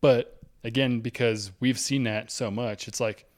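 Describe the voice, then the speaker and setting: A man's voice: medium pitch, steady tone, a little slow. A man telling a story in casual podcast chat, blunt and rambling, swearing often.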